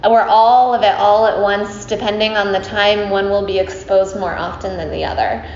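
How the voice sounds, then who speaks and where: A woman's voice: mid-range voice, steady tone, moderate pace, darkish tone. Chatty woman telling a story in an echoey room. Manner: chatty, playful, with frequent fillers and asides to listeners. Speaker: teacher telling a story to a group. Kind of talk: casual spoken storytelling. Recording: roomy, slightly dull recording with faint hiss.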